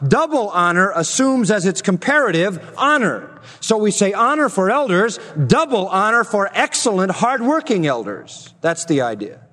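A man preaching a sermon as a pastor, measured and emphatic, slowing down to stress key words. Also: high voice, sing-song, bright, forceful tone, big-room sound.

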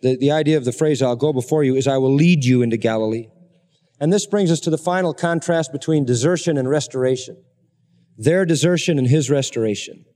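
A man preaching a sermon, emphatic, building his voice up to high, intense peaks. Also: a little fast, dark tone. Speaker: pastor. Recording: long hall reverb.

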